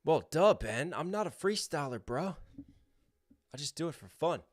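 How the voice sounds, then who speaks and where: A man's voice: fairly high pitch, expressive, moderate pace. A young man hosting a livestream, chatting casually and reading out viewer names and donations. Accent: American.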